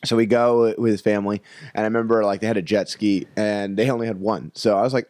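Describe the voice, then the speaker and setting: Man, casual storytelling, animated quoting, dry close sound. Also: lowish voice, fast, no room sound. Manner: animated, acts out quotes in a raised voice. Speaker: guest.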